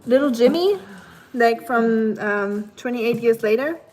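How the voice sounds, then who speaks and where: A woman's voice: a little high, animated, slow, darkish tone, a little hiss or hum. Chatty German-accented woman streamer. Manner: chatty, rambling, with frequent fillers. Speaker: live streamer. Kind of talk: casual livestream chat.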